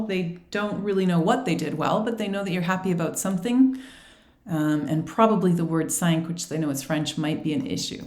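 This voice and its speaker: A woman giving an instructional presentation on feedback for language teaching, speaking clearly and patiently, acting out short teacher and student exchanges. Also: lowish voice, a little mellow, reverberant. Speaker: ESL teacher trainer.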